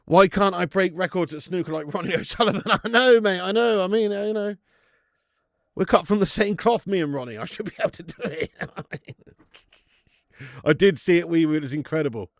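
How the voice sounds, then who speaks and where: A gravelly-voiced man hosts a live football watch-along, trading banter with his chat and slipping into quick match commentary. He laughs often and talks in a loose, chatty way. The sound is dry and close to the mic. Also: high-pitched, dry recording. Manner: chatty, banter-heavy, laughs a lot, greets chat by name.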